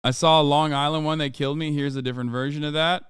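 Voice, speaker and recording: A male streamer talks loosely and jokes his way through reacting to clips, swearing freely. His voice is smooth and clear, slightly higher than average, and it sits close and dry on the mic with no room sound. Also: steady tone, quick pace, a bit bright, no echo. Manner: profane, laid-back, joking. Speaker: streamer host. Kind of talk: casual reaction stream chat.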